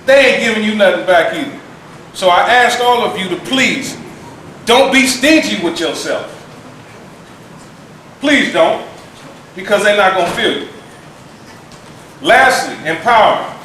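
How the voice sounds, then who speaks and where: High-pitched guy running a community meeting, repeats stuff for emphasis, faint noise behind. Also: animated, moderate pace, long pauses, sharp tone. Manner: emphatic, repeats key points. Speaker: meeting organizer. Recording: echoey room from far off.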